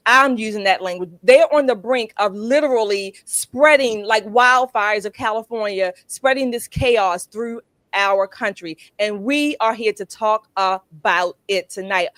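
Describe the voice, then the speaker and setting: Woman host rallying viewers, kinda high voice, dry close sound. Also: measured pace, a bit bright, no echo. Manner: emphatic, chatty, rallying the audience. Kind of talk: political talk show commentary.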